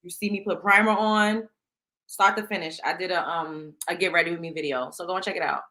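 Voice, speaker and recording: A woman's voice: fairly low pitch, fairly even intonation, a little fast, bright, forceful tone. A woman with a New York accent hosting a casual livestream, reading viewer questions and talking bluntly with lots of profanity. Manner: blunt, profane, reads chat aloud. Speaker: livestream host.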